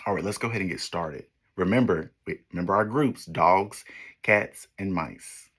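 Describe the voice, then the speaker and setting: A man's voice: deep voice, moderate pace, a bit bright, slightly rough. A man teaching young children, reading a picture book aloud to them in an encouraging way, praising them often and pointing out the pictures.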